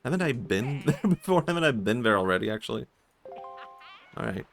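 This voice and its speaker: A man's voice: mid-range voice, lively intonation, moderate pace, vocal fry, a bit bright. A young Swedish man with a Swedish accent, chatting casually and laughing often while streaming a game. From Sweden. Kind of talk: casual gaming stream chat. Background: faint game music.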